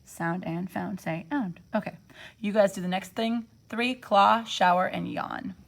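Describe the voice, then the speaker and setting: A woman's voice: mid-range voice, measured pace, creaky. A young woman teacher giving a phonics lesson from home, thinking aloud and sounding out words to encourage her students. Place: home, during quarantine.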